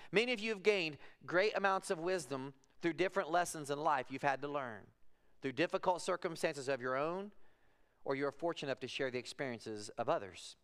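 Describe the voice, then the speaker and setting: A man in his forties preaching a sermon in a church, telling personal stories in a conversational way that moves from soft to emphatic. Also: fairly high pitch, animated, fast, clean tone. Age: 40s. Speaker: pastor. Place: church sanctuary.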